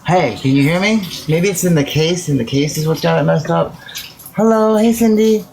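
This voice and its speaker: Woman, gravelly voice, casual livestream chat, offhand, mumbled short replies. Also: low-pitched, a little fast, a little mellow, a little hiss or hum.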